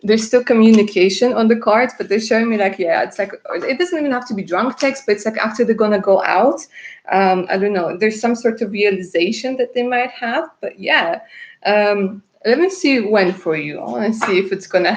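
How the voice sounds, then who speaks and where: A woman's voice: medium pitch, moderate pace. Russian woman reading tarot live, chatty. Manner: chatty, laughing, calls viewers darling. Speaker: tarot reader.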